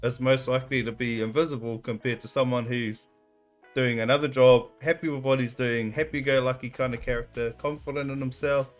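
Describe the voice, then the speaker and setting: A man's voice: medium pitch, fairly even intonation, a little fast, faint music behind. Laid-back man joking on camera. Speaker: reaction video host. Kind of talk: casual reaction chat.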